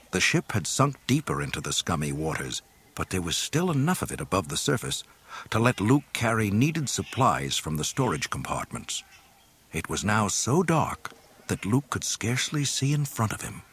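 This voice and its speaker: A man reading a story aloud in an expressive, dramatic narration. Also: low-pitched, breathy edge. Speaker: audiobook reader.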